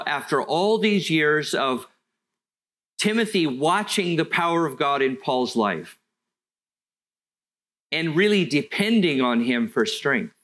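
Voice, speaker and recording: A middle-aged man, preaching a sermon in an earnest storytelling way that slows for emphasis. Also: on the high side, a bit bright. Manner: earnest, storytelling, with slow deliberate stretches. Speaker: pastor.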